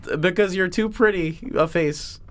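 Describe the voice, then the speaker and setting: A man's voice: high voice, moderate pace, close to an everyday voice. A man doing a whiny riddling troll. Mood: smug. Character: whiny insecure male troll asking riddles.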